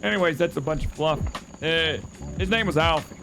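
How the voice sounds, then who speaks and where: A man's voice: a little high, fairly quick, music in the background. A man in a role-play game, telling a rambling story casually with many fillers and restarts.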